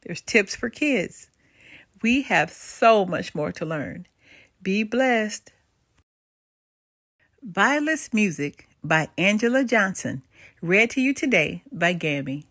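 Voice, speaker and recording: An older woman reading a bedtime story aloud to children in an expressive, lilting way. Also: mid-range voice, takes it slowly, pauses often, no echo, studio quality.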